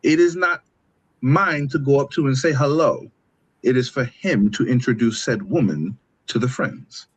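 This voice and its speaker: A man's voice: mid-range voice, moderate pace, breathy edge, dull audio. A man with an African American accent from the East Coast, debating on a casual panel in emphatic, playful mock-formal phrasing. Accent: African American English. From East Coast of the United States.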